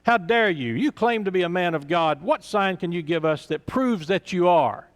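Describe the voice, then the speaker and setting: Man doing sneery religious leader guys, high and loud, real sarcastic, echoey church. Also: lively intonation, normal speed. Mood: scolding. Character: mocking, scornful male religious leaders. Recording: reverberant church sanctuary.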